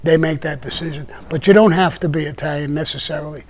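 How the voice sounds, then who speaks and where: Older male guest, Brooklyn accent, meandering raconteur, slightly higher-pitched voice. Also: steady tone, fast talker. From Brooklyn, New York. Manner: rambling, with many restarts and "you know". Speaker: podcast guest telling stories. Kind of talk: casual storytelling chat.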